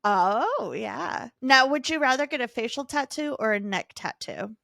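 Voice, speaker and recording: A woman's voice: high-pitched, lively intonation, a little slow, gravelly, fairly bright tone, no echo, studio quality. A woman co-hosting a podcast in casual chat, reacting with laughs and gasps and asking playful questions. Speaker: podcast co-host.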